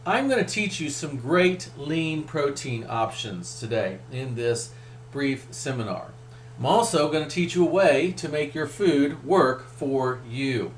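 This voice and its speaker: A man's voice: a little high, animated, moderate pace. A middle-aged man presenting a weight loss program in a webinar, with an upbeat, emphatic sales manner. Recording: echoey room with faint hum.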